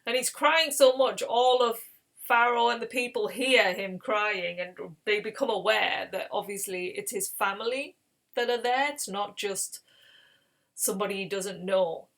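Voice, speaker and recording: A woman casually retelling a Bible story in her own words, animated and acting out the characters as she goes. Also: medium pitch, a little slow, gravelly. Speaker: Bible reading series host.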